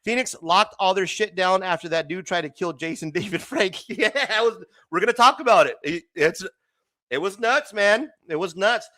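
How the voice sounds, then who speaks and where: With a high, pushed, bright voice at a normal pace, an Arizona man in his thirties chats loosely on his comics livestream, chummy and rambling, swearing all the time and often laughing. There's no room sound in the recording.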